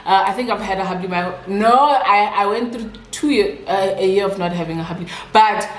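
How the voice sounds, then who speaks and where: A woman's voice: mid-range voice, brisk, background noise. Chatty South African woman, echoey room. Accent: South African, Xhosa-speaking. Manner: chatty, code-switching, animated retelling. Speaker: vlogger. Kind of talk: casual storytime with eating.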